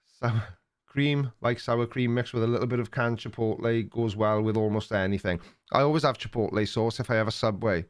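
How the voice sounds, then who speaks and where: An older man with a Welsh accent, hosting a live stream and chatting casually with viewers in a rambling, teasing way. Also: mid-range voice. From Wales. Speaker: livestream host reading chat.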